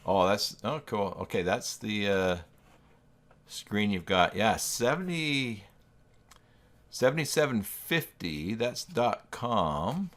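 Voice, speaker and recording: A man with a notably low, deep voice hosts a casual live stream. He thinks aloud as he works and reads his chat, and he pokes fun at himself along the way. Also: animated, slow, a bit bright. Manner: thinks aloud, reacts to chat, self-deprecating.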